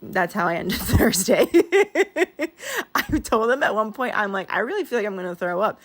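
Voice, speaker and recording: A woman's voice: mid-range voice, big pitch swings, normal speed. A young woman chatting casually over her planner pages, rambling and laughing often with a wheeze. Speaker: planner vlogger.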